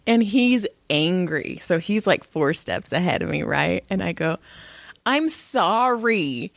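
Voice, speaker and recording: A woman's voice: on the low side, animated, a little slow, vocal fry, dry recording. A woman co-hosting a podcast in casual chat, telling stories animatedly and swearing freely. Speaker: podcast co-host.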